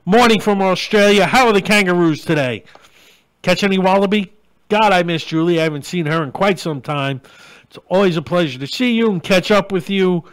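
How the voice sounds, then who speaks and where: A man's voice: sits high, fairly quick. A middle-aged man hosting a live-stream show, ranting bluntly and crudely and greeting viewers as they join. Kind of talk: live-stream rant and chat.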